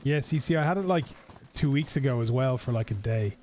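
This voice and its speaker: A man chats through a casual game stream, rambling and joking with friends and his chat. His voice sits at an ordinary middle pitch. A faint noise runs under the recording. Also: a little fast, darkish tone.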